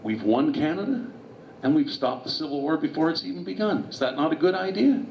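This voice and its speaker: A man's voice: on the high side, animated, fairly quick, slight background noise, pitched above the performer's own voice. A man doing an eager scheming statesman. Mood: persuasive. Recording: distant, roomy, dull hall recording.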